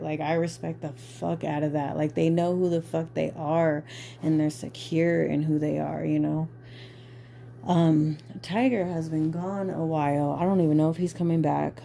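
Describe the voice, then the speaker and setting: A woman's voice: sits low, gravelly, dark tone, a little hiss or hum. A woman hosting a podcast, talking candidly and casually with lots of swearing and filler words. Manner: candid, profane, filler-heavy. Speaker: podcast host. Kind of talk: casual chat.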